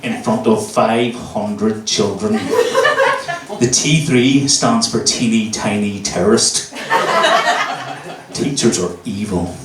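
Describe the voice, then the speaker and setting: A man's voice: lowish voice, slow pace, pauses often, heavy background noise. A Northern Irish man in his thirties performing a stand-up comedy set, swearing and telling stories with energy. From Northern Ireland. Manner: swearing, animated storytelling. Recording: echoey room, mic at a distance.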